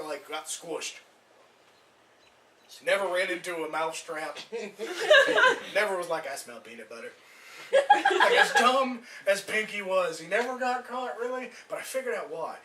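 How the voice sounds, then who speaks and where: A man's voice: high voice, animated, moderate pace, far from the mic, background noise. A man performing a stand-up comedy set, rambling loosely, swearing and acting out voices. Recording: echoey room recorded from afar.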